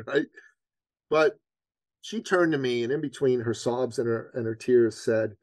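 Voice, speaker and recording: Guy on a podcast telling a story, earnest, gets animated, super dry close sound. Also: mid-range voice, normal speed, no echo. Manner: animated storyteller, acts out his own panic; earnest, faith-minded. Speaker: business coach guest.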